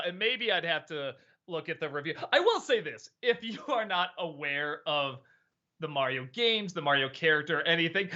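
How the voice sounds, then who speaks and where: A man's voice: fairly high pitch, sharp tone, lo-fi sound. A man hosting a casual live-stream chat, stammering a little and laughing often. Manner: chatty, stammering, quick laughs. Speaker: host.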